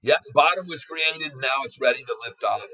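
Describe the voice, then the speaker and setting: A man hosting a casual live stock-trading stream, hyped and excitable, laughing often and calling his viewers folks. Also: medium pitch, a little fast, recorded from a distance, lo-fi sound. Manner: talks straight to viewers as folks. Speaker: stock market livestream host.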